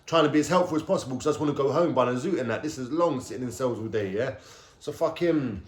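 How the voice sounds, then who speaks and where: A man with a London accent recounts a story straight to camera, lively and animated. His talk is loose and streetwise, thick with slang and casual swearing. His voice sits at an ordinary middle pitch for a man. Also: fast. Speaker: vlogger telling his life story.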